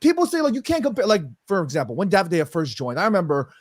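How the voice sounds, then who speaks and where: A brash man with a new york accent, high voice, rattles it off fast, swears a lot on a football panel chat. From New York City. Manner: animated, brash, swears freely.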